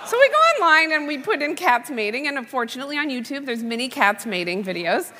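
Female comic, high bright animated voice, deadpan storyteller, long hall reverb. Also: racing, hardly any pauses, slight background noise. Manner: deadpan comic storytelling, acts out her daughter's questions. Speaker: comedian. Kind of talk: storytelling stand-up talk on stage.

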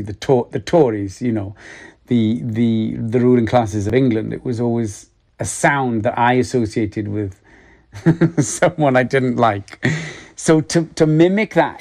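A middle-aged Welsh man, an actor, giving reflective interview answers with many restarts. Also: medium pitch. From Wales. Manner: halting, many restarts, soft laughs.

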